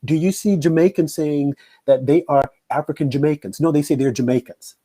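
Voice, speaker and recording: A man's voice: a little high, fairly even intonation, brisk, mellow. A man hosting a political commentary show, talking emphatically and repeating his points. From United States. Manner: emphatic, repetitive. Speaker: host.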